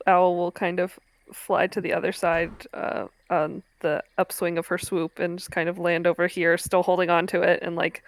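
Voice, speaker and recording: A woman playing a tabletop game, calmly describing what her character does. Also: on the low side, moderate pace, few pauses, rough recording. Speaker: player.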